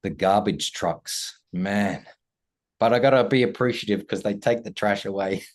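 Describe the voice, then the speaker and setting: A man's voice: lowish voice, moderate pace. A man guesting on an interview, talking earnestly and reflectively, with playful asides. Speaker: guest, self-worth coach. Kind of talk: conversational interview.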